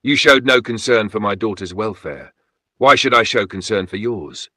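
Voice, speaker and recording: A man's voice: on the low side, normal speed, pushed and bright, no echo, studio quality. A man voicing a middle-aged father, emotional and pleading in his speech. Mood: cold. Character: remorseful middle-aged father, enraged then broken.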